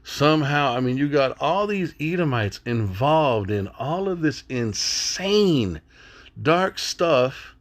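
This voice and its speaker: A man with a mid-range voice teaches from the Bible, commenting as he goes. He is emphatic and blunt, often throwing rhetorical questions at his listeners and dropping into swearing.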